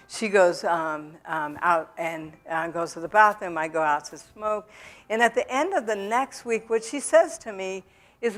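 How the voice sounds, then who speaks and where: Candid woman telling her recovery story. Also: medium pitch. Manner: candid storytelling with many fillers and restarts. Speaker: recovery speaker. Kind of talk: personal testimony talk. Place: church hall.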